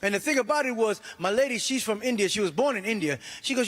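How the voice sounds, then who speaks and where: Middle-aged male stand-up comic, high pitched and animated, performing in a reverberant hall. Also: quick pace, few pauses. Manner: animated, exclaiming, acting out voices. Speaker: stand-up comedian. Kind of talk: stand-up comedy set. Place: church comedy stage.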